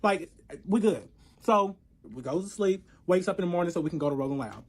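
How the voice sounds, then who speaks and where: Fast-talking animated storyteller man. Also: high-pitched. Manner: animated, profane, acts out both sides of arguments. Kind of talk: casual storytelling.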